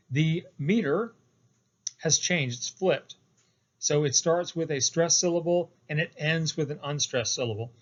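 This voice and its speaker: A man's voice: a little high, a bit bright, highs cut off. A man giving a recorded lecture on poetic meter, hesitant and full of fillers, drawing out key terms. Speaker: poetry instructor.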